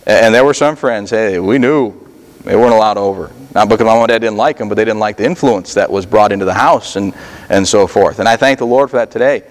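A male pastor preaching a sermon in a conversational style, often pausing on fillers and restarting his sentences. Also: fairly low pitch, long reverb tail. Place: church sanctuary.

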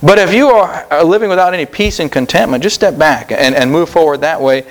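Earnest preacher man, slightly high voice. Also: brisk. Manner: earnest preaching with emphatic rises and repeated phrases. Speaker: pastor. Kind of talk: sermon. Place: church service.

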